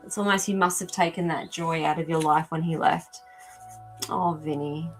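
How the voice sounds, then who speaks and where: A woman's voice: low-pitched, steady tone, moderate pace, faint music behind, poor audio. A woman hosting a live animal communication show, talking casually to viewers and thinking aloud with many ums. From not from America. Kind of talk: live-stream reading for viewers.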